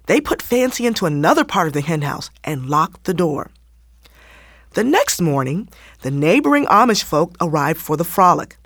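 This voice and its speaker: A woman reading a children's story aloud in an expressive, animated way. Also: lowish voice, normal speed, dry recording, clean studio sound.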